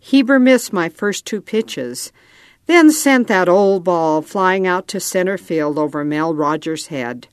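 A woman's voice: on the low side, slow pace, clear, resonant tone, no room sound, studio quality. A woman reading a storybook aloud, lightly acting out the dialogue.

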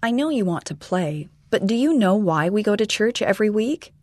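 A man doing a soft-spoken patient mother. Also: sits high, very animated, moderate pace, no echo, clean studio sound, voice pushed up. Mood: gentle. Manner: gently explaining. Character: patient gentle mother of young kids. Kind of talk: storybook reading.

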